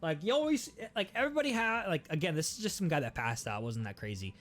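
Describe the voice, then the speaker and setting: A young man hosting a podcast, telling a story in a casual, animated way, swearing often and restarting his sentences. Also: on the high side, fast talker, soft background music. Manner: animated, profane, many restarts. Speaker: podcast host.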